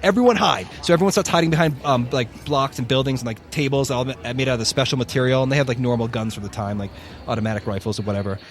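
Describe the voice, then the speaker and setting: A man co-hosting a podcast, telling a story in a casual, animated way, with profanity and plenty of fillers. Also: medium pitch, very fast. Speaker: podcast co-host.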